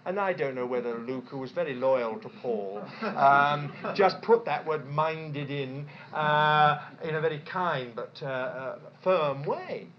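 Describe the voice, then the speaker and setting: A woman preaching a sermon in an animated way, asking rhetorical questions and repeating points for emphasis. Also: sits low, slow pace, hardly any pauses, a little hiss or hum. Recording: dull lo-fi recording.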